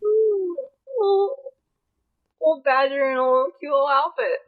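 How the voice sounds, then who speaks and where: Woman player in a tabletop game, kinda high voice, slow and rambly, giggles a lot. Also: lively intonation, phone-quality sound. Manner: rambling, giggly, many fillers.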